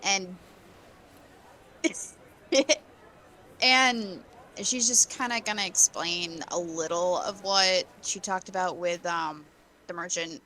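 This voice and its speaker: A woman's voice: lowish voice, bright, forceful tone, a little hiss or hum, poor audio. A woman at a tabletop game who describes her character's actions in casual chat and laughs easily. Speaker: player.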